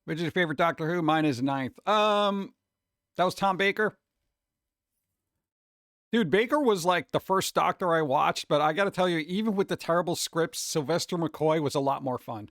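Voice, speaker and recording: A man's voice: fairly high pitch, normal speed, fairly bright tone, no echo, studio quality. A man chatting casually with viewers on a live stream, rambling, humming and scatting to himself, his throat a little sore.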